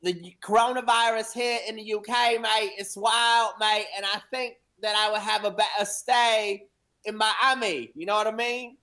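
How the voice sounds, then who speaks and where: A woman's voice: mid-range voice, fairly even intonation, moderate pace, bright, forceful tone, lightly acted. A woman playing a brash young London man calling in to an improv radio show, with a London accent, calling everyone mate. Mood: cocky. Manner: says mate constantly, cocky. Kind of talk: improv comedy. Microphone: video call.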